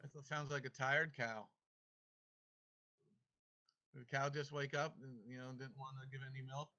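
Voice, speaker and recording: A man's voice: mid-range voice, flat delivery, normal speed, bright, forceful tone. A man leading an online devotional class, emphatic and playful as he coaxes his students along. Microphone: video call. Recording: muffled video-call audio.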